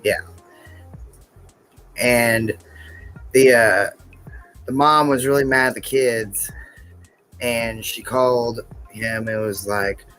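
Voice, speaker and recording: A man's voice: mid-range voice, fairly even intonation, slow pace, pauses often, a bit bright, soft background music. Man rambling through a family story. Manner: rambling storytelling with restarts and quoted voices. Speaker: podcast co-host. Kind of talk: casual chat.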